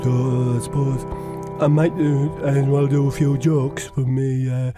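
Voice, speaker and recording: A man co-hosting a comedy podcast who rambles and meanders in character, filling his talk with 'you know' and 'like'. His voice is mid-pitched, with loud music behind it. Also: flat delivery, a little slow.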